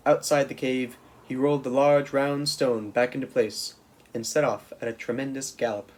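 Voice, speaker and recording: A man's voice: mid-range voice, moderate pace, rough recording. Man reading a storybook aloud. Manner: steady, plain narration with small restarts. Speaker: camp counselor reading aloud.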